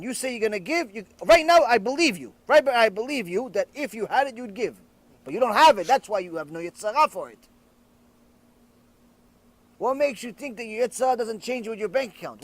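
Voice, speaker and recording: Animated high-voiced rabbi lecturing. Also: male voice. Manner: animated storyteller, acts out characters in jokes. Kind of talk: Torah lecture with joke-telling.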